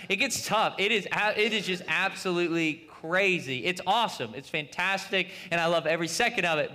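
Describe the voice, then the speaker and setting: Bright-voiced preacher man in a reverberant hall. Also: a little high. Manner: conversational, storytelling with many asides. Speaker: pastor. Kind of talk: sermon.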